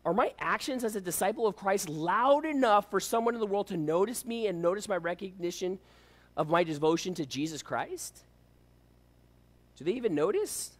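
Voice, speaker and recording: Animated man preaching a sermon. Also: sits high, moderate pace. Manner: animated, preaching with rhetorical questions. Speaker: pastor.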